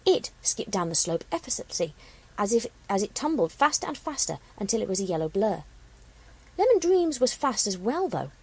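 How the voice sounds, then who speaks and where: A woman narrating a storybook, reading expressively and slowing down for the dramatic moments. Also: medium pitch, very animated, darkish tone, breathy edge, poor audio.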